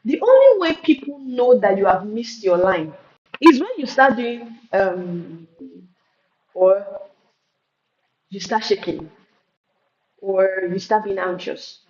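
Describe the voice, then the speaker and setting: Woman, poetry teacher, emphatic, repeats herself, echoey room, steady hiss. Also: medium pitch. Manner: emphatic, repeats words and restarts, drawn-out stresses. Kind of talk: live spoken-word lesson answering questions. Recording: roomy, dull and noisy.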